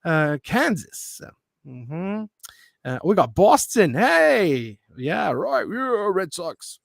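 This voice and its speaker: A man from Quebec co-hosting a casual live stream, excitedly reading out where viewers are from. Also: sits high, very slow, creaky, no room sound, clean studio sound. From Quebec, Canada. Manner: excitable, reads out viewer locations. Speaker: co-host.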